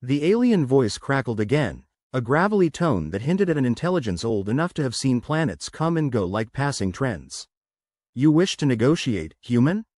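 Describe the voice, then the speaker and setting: A man narrating a sci-fi short story from a script in an expressive storytelling manner. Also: medium pitch, moderate pace, hardly any pauses, no room sound, clean studio sound.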